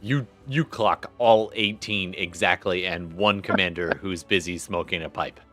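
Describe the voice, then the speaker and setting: A man's voice: low voice, measured pace, fairly bright tone. A man running a tabletop game as game master in a laid-back, chatty way.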